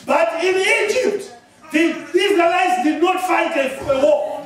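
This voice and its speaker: A man from Zimbabwe preaching a sermon in a church hall, emphatic and often shouting, laughing and checking in with his listeners as he goes. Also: extremely high pitch, a little slow. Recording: very echoey hall, voice from a distance.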